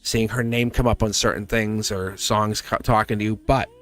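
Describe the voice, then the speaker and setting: A man's voice: on the low side, steady tone, moderate pace, fairly bright tone, soft background music. A man giving a casual tarot reading to camera. He is chatty and reassuring, often asks "see?" and chuckles as he talks. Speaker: tarot reader.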